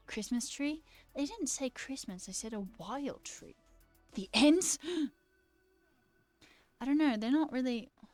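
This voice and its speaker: A woman's voice: high voice, animated, takes it slowly, pauses often, warm tone, soft background music. A woman streamer in a casual, rambling live-stream chat, talking playfully with her viewers and answering their comments.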